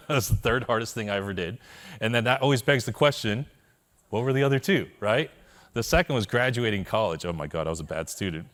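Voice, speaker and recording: Man, keynote speaker, personal story, lowish voice, conversational, self-deprecating humor. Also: lively intonation, fairly quick, fairly bright tone. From Korea. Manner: conversational, checks in with the audience. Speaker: conference speaker.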